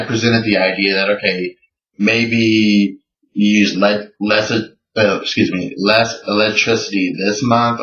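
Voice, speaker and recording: A man recounts conversations in an earnest, incredulous storytelling voice with a lowish pitch. He sounds set back from the mic in a roomy space, and the recording is dull and lo-fi. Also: a bit bright, distant mic. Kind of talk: personal video submission, recounting conversations.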